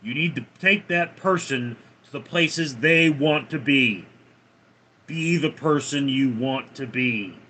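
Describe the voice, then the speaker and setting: A man's voice: mid-range voice, slow pace, pushed and bright, pitched below the performer's own voice. A man voicing a motivational speaker in a put-on accent, with a preachy, urgent delivery. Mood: urging. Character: man giving a pep talk in a put-on accent.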